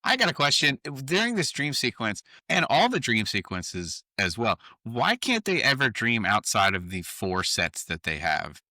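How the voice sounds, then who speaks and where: A man co-hosting a podcast, bantering in a lively, joking way and swearing freely. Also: mid-range voice, normal speed, few pauses, no echo, clean studio sound. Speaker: podcast co-host. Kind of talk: casual recap chat.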